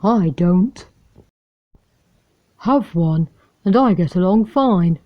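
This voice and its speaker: A woman's voice: fairly low pitch, lively intonation, slow. Woman voicing a breezy carefree stray dog. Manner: breezy, gentle. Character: carefree male stray dog, rough and easygoing. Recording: muffled lo-fi recording.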